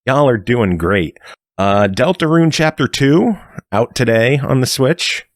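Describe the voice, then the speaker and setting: A man's voice: medium pitch, expressive, measured pace, no echo, studio quality. A man hosting a casual gaming podcast, running through the week's news with fillers and the odd swear.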